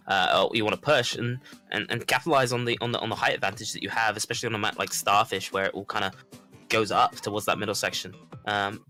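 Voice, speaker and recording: Bright-voiced male esports commentator. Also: lowish voice. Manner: rapid, repeats words, chatty.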